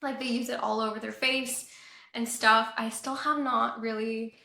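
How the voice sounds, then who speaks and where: A woman's voice: a little high, steady tone, moderate pace, vocal fry, bright, forceful tone. A young woman from Colombia chatting casually through a beauty product review, saying "like" often, a little nasal as she gets over a cold. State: recovering from a cold, a bit nasal. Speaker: beauty vlogger. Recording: echoey room.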